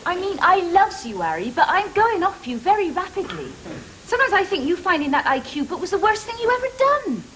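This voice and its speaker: A woman's voice: extremely high pitch, sing-song, fairly quick. A woman with an English accent playing a down-to-earth young wife who teases with dry put-downs, in a studio sitcom. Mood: scolding. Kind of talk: 1980s studio sitcom acting. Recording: hissy old TV tape.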